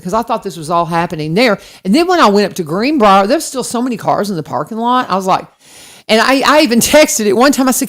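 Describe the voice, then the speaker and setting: A woman co-hosting a radio talk show, telling a story in a lively, self-deprecating way and speaking straight to the listeners. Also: medium pitch, a little fast. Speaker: radio co-host. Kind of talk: casual chat.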